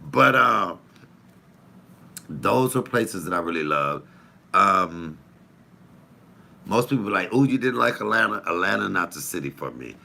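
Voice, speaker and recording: Low, punchy man telling stories. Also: unhurried, creaky, long pauses. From Detroit, USA. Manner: animated, swearing storyteller with playful asides. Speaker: comedian hosting a live chat show. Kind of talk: casual chat to viewers.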